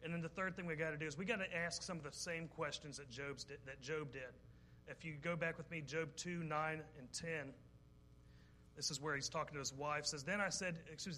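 A man's voice: on the high side, steady tone, fairly quick, pushed and bright, a little hiss or hum. A man preaching a sermon, folksy and joking, reading scripture and acting out quotes. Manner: folksy and joking, quotes people in their voices. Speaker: pastor.

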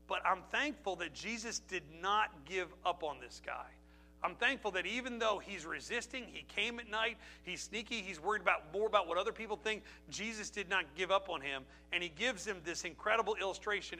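A man preaching a sermon with a high-pitched and very bright, piercing voice. He is middle-aged and speaks with emphatic conviction, asking rhetorical questions and sinking to a hushed, low voice at personal moments. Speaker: pastor.

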